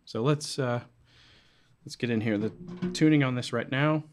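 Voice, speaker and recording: A man's voice: medium pitch, moderate pace. A man hosting an unscripted drum vlog from his studio, sweaty and out of breath, talking in a loose, rambling way with many fillers. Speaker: drummer and channel host.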